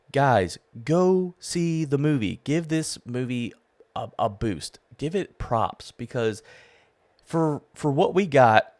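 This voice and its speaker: A man's voice: on the low side, no echo. Enthusiastic man rambling a podcast review. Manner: enthusiastic, rambling, with frequent fillers and restarts. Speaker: podcast host. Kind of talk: casual solo podcast review.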